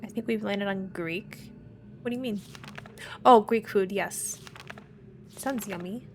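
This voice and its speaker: A woman's voice: medium pitch, a little slow, slight background noise. A young woman streaming a puzzle game, muttering to herself as she works things out aloud. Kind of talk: casual live game commentary.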